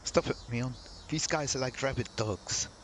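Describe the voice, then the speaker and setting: A male let's-play host reads story text aloud and keeps interrupting himself with casual, wry comments. His medium-pitched voice moves at normal speed over poor audio with a faint hiss in the background.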